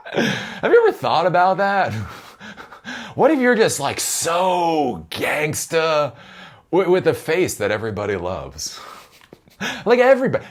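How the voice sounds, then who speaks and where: Rambling man with a lively voice. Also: high voice. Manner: rambling, laughs often, swears. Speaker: tech commentator. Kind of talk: casual commentary vlog.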